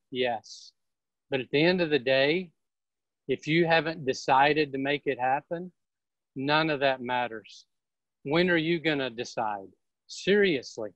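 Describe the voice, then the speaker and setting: On a video call where she's a guest, a woman who leads a real estate team gives a forceful, preachy pep talk, direct and sometimes profane. Her voice is low, there's no room sound, and the audio comes through dull and dry.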